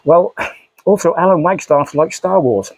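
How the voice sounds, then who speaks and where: A man's voice: fairly high pitch, normal speed, a little mellow, no echo. A man, a model railway YouTuber, chatting casually in a rambling, self-mocking way with frequent sighs. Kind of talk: casual vlog chat.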